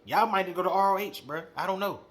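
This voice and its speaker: A young man hosting a wrestling podcast, ranting in a casual, slangy, animated way and calling people out directly. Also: sits high, fast. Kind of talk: casual opinion monologue.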